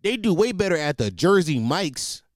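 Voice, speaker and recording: High, animated Philly man ranting. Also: moderate pace, no room sound, studio quality. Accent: Philadelphia. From Philadelphia, USA. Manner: animated, swings between shouting and muttering, repeats himself. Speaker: comedic ranter. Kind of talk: profane comedic rant to camera.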